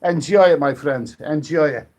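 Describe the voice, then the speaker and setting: A man's voice: on the high side, normal speed, darkish tone. A British man hosting a casual late-night live stream, rambling and chatty, often restarting his sentences and reading viewer comments.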